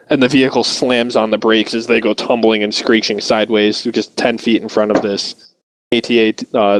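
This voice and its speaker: A man's voice: lowish voice, dry recording, rough recording. A man acting as game master, describing scenes cinematically in a loose, hesitant way with frequent restarts. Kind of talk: narrating a tabletop game.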